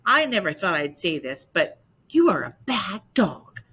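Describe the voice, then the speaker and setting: A woman voicing a bold talking female dog who scolds loudly and emphatically. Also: fairly low pitch, animated, slow, breathy edge, heavily acted. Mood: scolding.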